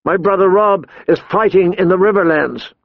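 A man's voice: high-pitched, normal speed, gravelly, dry recording, phone-quality sound, voice pushed up. A man voicing a brooding, determined young male recruit who speaks earnestly and defiantly.

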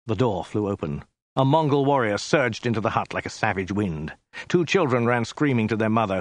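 A man reading a story aloud in a dry, deadpan narrating manner. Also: lowish voice, no room sound. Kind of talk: scripted narration.

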